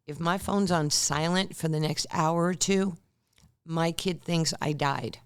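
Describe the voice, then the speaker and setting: A woman's voice: sits low, a little slow, clear, resonant tone. A woman in her sixties, a former basketball player, telling stories as a podcast guest and acting out the quotes. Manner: animated storyteller who acts out quotes. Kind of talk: storytelling in a podcast interview.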